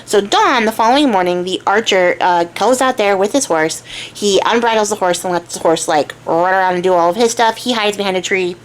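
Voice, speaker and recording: A woman's voice: medium pitch, fairly quick, poor audio. A young woman hosting a crafting channel, telling a folk tale in a chatty, casual way with frequent fillers. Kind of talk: casual storytelling.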